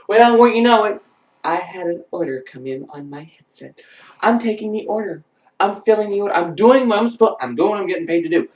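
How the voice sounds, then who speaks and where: A man telling a comic anecdote in an animated way, breaking into squealing voices. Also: high-pitched, brisk, recorded from a distance. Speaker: vlogger. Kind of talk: comedic storytelling. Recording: echoey room, voice off-mic.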